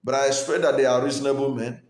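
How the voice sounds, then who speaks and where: A man from Nigeria giving earnest, argumentative political commentary, pausing with fillers and restarting his sentences. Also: medium pitch, fairly even intonation, reverberant.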